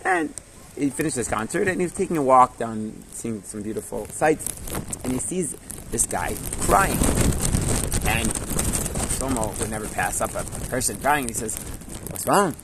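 A man's voice: mid-range voice, very animated, normal speed, noisy background. A man teaching a Torah class through stories, in a casual manner that checks in with listeners and drops Hebrew and Yiddish words.

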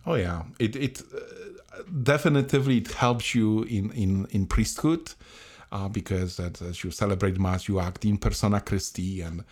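Priest co-host, halting and hesitant, very low voice. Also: male voice, a little mellow. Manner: halting, many restarts and fillers. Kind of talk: conversational reflection.

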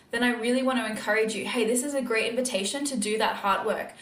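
A woman's voice: a little high, fast, hardly any pauses, a bit bright, roomy sound. A woman hosting a casual faith-based podcast monologue, earnest and encouraging, with lots of filler words. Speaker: podcast host.

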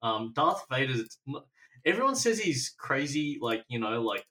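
A man's voice: mid-range voice, very animated, moderate pace, sharp tone, far from the mic. A man co-hosting a casual podcast, rambling and hesitant with many restarts. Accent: non-American. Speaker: podcast co-host. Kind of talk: casual chat.

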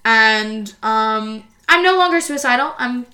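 A young American woman from New Jersey, chatting casually and telling animated stories with lots of fillers. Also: on the high side, unhurried. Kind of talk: casual chat, storytelling.

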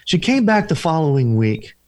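A man's voice: on the high side, very animated, normal speed, darkish tone, no room sound. Man, deliverance minister, interview storytelling, earnest, repetitive preaching cadence, dry sound.

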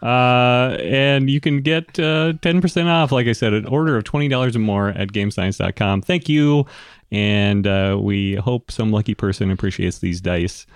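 A man running a tabletop game as game master, talking in a relaxed, rambling way with many ums and restarts. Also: lowish voice, moderate pace, dry recording, studio quality.

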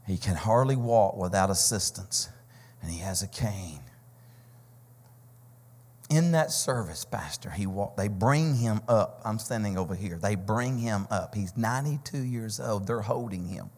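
A man preaching a Pentecostal sermon, telling testimony stories that build to shouting, sing-song peaks. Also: lowish voice, animated, unhurried. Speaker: visiting preacher. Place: church sanctuary. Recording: church hall reverb with keyboard music.

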